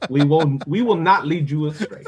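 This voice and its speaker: A man co-hosting a casual sports podcast, profane and excitable, ending lines with "okay?" and "bro". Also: a little high, moderate pace, slightly rough. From Mexican-American. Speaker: podcast co-host.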